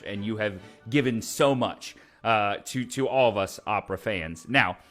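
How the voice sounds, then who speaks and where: A man's voice: medium pitch, fairly bright tone. A man hosting an opera web show from his hot home room, chatting to camera with enthusiasm and many restarts. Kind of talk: casual direct-to-camera talk. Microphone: camera mic with ring light.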